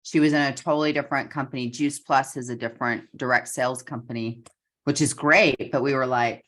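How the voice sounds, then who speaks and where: Woman coach, low voice, animated chatty storyteller. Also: a little fast. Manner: animated storyteller, acts out quotes. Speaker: business coach. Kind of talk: casual coaching call chat.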